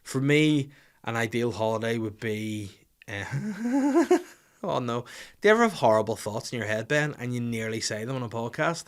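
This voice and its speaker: A man's voice: medium pitch, normal speed. Sweary man in his thirties. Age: 30s. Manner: crude, sweary, animated storytelling. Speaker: podcast host. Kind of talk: casual comic podcast chat.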